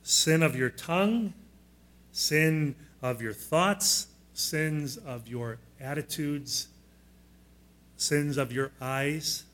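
A man's voice: fairly high pitch, very slow, fairly bright tone. A man preaching a sermon as pastor, plainspoken and teacherly, often putting questions to the congregation and guiding them through fill-in notes. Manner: teaching style, walking listeners through note blanks.

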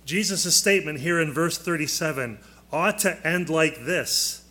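Man, fairly high voice, leading a Bible class; slow, emphatic, quizzes the room. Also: sharp tone. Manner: deliberate, emphatic, quizzes listeners. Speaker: Bible teacher.

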